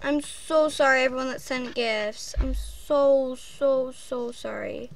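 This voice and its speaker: A woman's voice: high voice, takes it slowly, gravelly, slight background noise. A woman host chatting casually and apologetically over gameplay, giggling often. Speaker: channel host.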